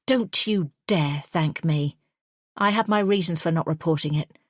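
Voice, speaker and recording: A woman reading the part of a bitter, cold woman who answers in sharp, biting retorts in an audiobook thriller. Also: low voice, a little slow, dry recording, clean studio sound. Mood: angry. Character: bitter woman in her late thirties, cold and sarcastic. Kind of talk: audiobook dialogue.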